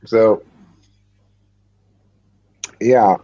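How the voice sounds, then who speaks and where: A man's voice: lowish voice, steady tone, very slow, mellow, muffled recording. A man hosting a casual chat with friends, talking with dry, wry humor. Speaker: host chatting with friends.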